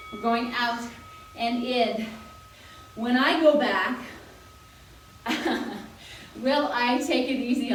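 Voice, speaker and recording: High-voiced young woman coaching, big echoey room. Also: recorded from a distance, a little hiss or hum. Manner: chatty, joking, encouraging while exercising. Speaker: fitness instructor. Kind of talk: guided senior workout class.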